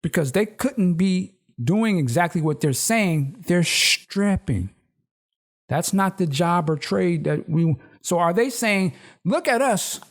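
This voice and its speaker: A man co-hosting a podcast who rants in a lively, animated way and often breaks into laughter in casual chat. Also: high-pitched, slow pace. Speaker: podcast co-host.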